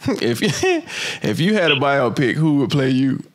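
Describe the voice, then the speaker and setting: A man's voice: mid-range voice, huge pitch swings, slow pace. A young man from Birmingham, co-hosting a podcast in casual joking chat and laughing often. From Birmingham, Alabama. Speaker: podcast co-host.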